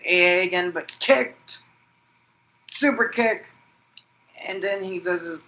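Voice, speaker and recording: A man hosting a wrestling vlog, narrating an imagined match like play-by-play and shouting out the pin counts. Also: sits high, fairly even intonation, slow, pauses often, low-quality recording. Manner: breaks into loud shouted pin counts and move calls; rambling, restarts sentences with "and then". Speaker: wrestling vlogger host. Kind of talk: excited fantasy-booking play-by-play.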